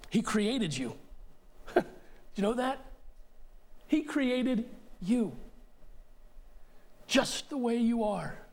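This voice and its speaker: A man's voice: extremely high pitch, big pitch swings, takes it slowly, gravelly, long pauses. A male pastor preaching a sermon in an emphatic, conversational way, speaking straight to his listeners.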